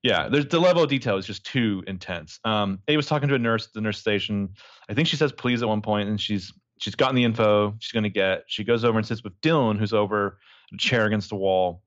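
A man's voice: fairly low pitch, brisk, dry recording, muffled recording. A man co-hosting a podcast, chatting casually and animatedly, joking and laughing as he talks. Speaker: podcast co-host. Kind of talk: casual chat.

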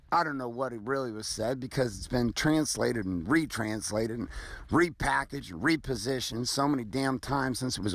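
A man's voice: mid-range voice, a bit bright. A middle-aged man hosting a motivational podcast, talking bluntly and casually with profanity as he tells a story. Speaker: podcast host.

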